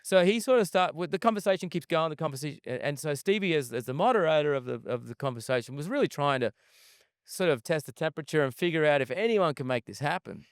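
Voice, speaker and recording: A man's voice: on the high side, lively intonation, quick pace, clean tone, dry recording, clean studio sound. A man, a guest chef, telling a long, profane story in a casual interview, recorded at an outdoor desert festival camp.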